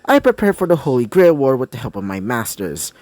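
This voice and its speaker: A man voicing a calm, stern female magical servant, in a cool, matter-of-fact way, for a fan-made story. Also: medium pitch, fairly quick, dry recording, voice pushed down, natural voice.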